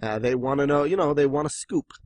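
Chatty guy hosting a podcast, kinda high voice, dry close sound, jokes a lot. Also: brisk, no room sound. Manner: chatty, jokey, breaks into quoted voices. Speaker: podcast host. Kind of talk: casual chat.

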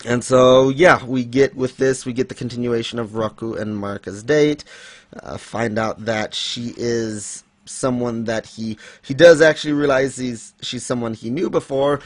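A man's voice: medium pitch, fairly even intonation, a little slow, no echo. A man hosting a casual manga chat, rambling with fillers and light laughs. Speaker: podcast host.

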